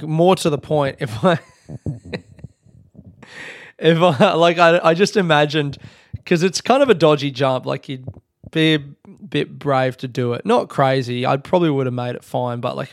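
Young Aussie guy, solo podcast host: middle pitch, dry close mic, rambling self-mocking chatter. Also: vocal fry, no echo. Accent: Australian. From Australia. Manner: rambling, self-deprecating, full of "like" fillers. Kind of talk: casual solo storytelling.

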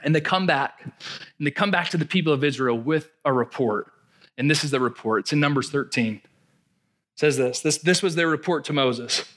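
A man preaching a sermon in an animated, playful way, often repeating words. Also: a little high, normal speed. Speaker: pastor.

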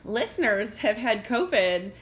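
A woman's voice: fairly high pitch, a little slow. A young adult woman co-hosting a podcast, telling stories in casual chat and laughing often. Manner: animated, laughs often, storytelling. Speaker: podcast co-host.

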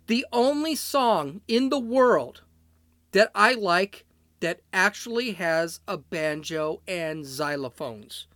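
This podcast host from Chicago talks in a high voice with a fairly bright tone, and there's no room sound at all. He delivers a blunt, off-the-cuff monologue that rambles, rants and wanders off on tangents.

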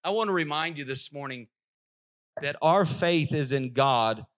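A young man preaching a sermon as pastor, lively and acting out voices now and then. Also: on the high side, measured pace. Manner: animated, acts out voices of God and worshippers.

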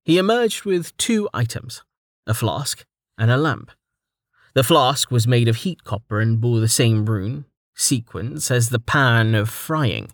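A man narrating a fantasy webnovel audiobook in a steady, even reading voice. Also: medium pitch, measured pace, dry recording, studio quality. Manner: steady, even reading, stat lists read out plainly.

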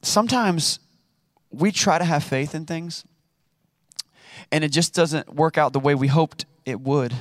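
A man's voice: a little high, a little slow, long pauses, no echo, clean studio sound. A married man giving a casual, conversational sermon, acting out quotes with playful asides. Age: adult, married. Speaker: preacher.

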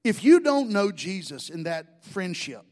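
High-voiced joking pastor. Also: male voice, sing-song, measured pace, darkish tone. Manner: folksy, joking storytelling preacher. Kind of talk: sermon.

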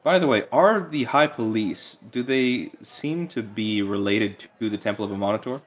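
A man's voice: lowish voice, normal speed. A man playing a tabletop game, wry and joking as he asks the game master questions. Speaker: player. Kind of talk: casual chat at a game table. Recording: dull lo-fi mic.

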